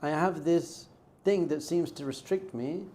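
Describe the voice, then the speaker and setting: Animated rabbi teaching a casual class. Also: male voice, on the high side, measured pace. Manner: conversational, storytelling with acted-out dialogue. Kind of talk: informal Torah class.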